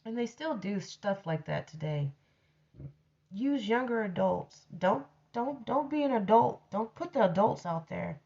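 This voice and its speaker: Woman ranting thru a story real slow, cussing a lot, kinda muffled lo-fi sound. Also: medium pitch, expressive, gravelly, warm tone. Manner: blunt, profane, ranting. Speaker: storyteller host. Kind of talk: casual storytelling monologue.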